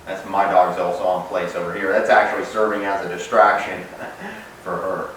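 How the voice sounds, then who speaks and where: A deep-voiced male dog trainer speaks at normal speed in a very echoey room, relaxed as he explains while training and firing off bright, sharp commands to the puppy. The casual instructional demo was picked up by a distant mic and carries a little hiss or hum.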